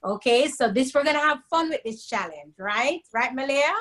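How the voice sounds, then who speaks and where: A woman, co-hosting a casual live-stream chat over a video call, explaining things in a measured way. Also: sits high, animated, a bit bright, low-quality recording. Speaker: co-host.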